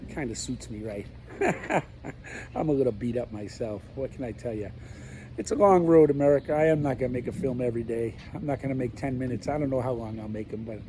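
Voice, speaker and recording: A man's voice: mid-range voice, warm tone, slight background noise, low-quality recording. A middle-aged man talking candidly to camera in a rambling personal monologue while he walks around his backyard pool, using plain, blunt words. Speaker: vlogger.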